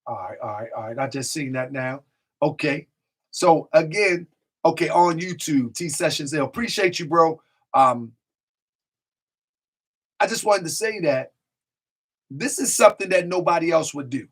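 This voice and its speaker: A man's voice: a little high, unhurried, pauses often, husky. A man hosting a live stream, chatting casually, reading out viewer comments and often repeating himself. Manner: talks to chat directly, repeats himself, drifts off mic.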